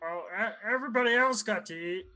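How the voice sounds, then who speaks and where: A man's voice: high-pitched, fast, crowd noise, close to an everyday voice. A man voicing a greedy, self-important frog prince in a tabletop game, fussy and hesitant.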